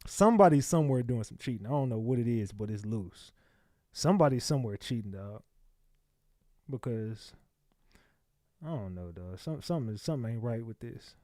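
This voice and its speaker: A man hosting a casual livestream, talking loose slang with blunt profanity and getting loud when he talks back at clips. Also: mid-range voice, animated, moderate pace, pauses often, no room sound, studio quality. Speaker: livestream host. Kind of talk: casual live commentary.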